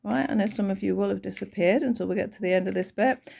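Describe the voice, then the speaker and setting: Chatty Northern English woman with gravelly voice. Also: mid-range voice, fast talker, mellow. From Northern England. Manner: chatty, rambling asides with fillers. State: voice tiring. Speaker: crochet tutor. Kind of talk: casual crochet tutorial.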